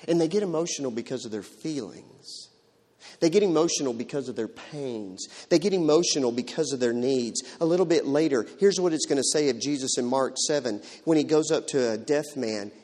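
Dramatic preacher in a reverberant hall. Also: male voice, mid-range voice, expressive, fairly quick. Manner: dramatic, shifting from loud to hushed. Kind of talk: sermon.

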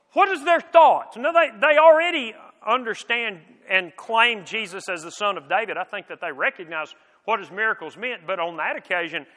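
A man's voice: high-pitched, bright, forceful tone. A man preaching a sermon in an earnest, conversational way, with frequent restarts and rhetorical questions. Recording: long reverb of a large hall.

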